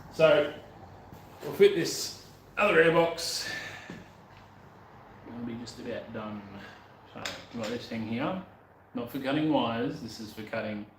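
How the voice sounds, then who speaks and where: A man's voice: medium pitch, roomy sound, slight background noise, rough recording. A young man casually talking while working on his motorbike, rambling and muttering to himself with the odd swear.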